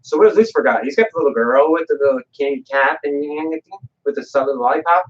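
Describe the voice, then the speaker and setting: A man talking on a livestream as a guest, telling stories with animated delivery and voiced quotes. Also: a little high, quick pace, muffled recording. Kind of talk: livestream talk, storytelling.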